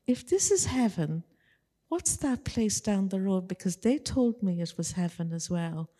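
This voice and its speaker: A woman's voice: mid-range voice, animated, measured pace, warm tone. A woman voicing a bewildered man who has just died, asking polite questions at heaven's gate. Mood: puzzled. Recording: long church reverb.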